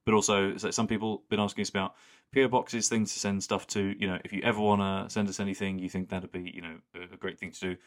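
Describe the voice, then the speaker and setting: A man with a very deep voice chats loosely on a podcast, circling back and restarting his sentences. He sounds relaxed and unhurried. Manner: easygoing, rambling with restarts. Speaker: podcast co-host. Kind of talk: casual chat.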